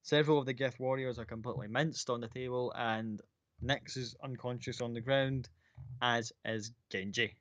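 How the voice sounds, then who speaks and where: A man's voice: medium pitch, steady tone, moderate pace, a bit bright, no echo, dull audio. A man running a tabletop role-playing game as game master, narrating casually and descriptively. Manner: casual, descriptive, full of "like" and "kinda".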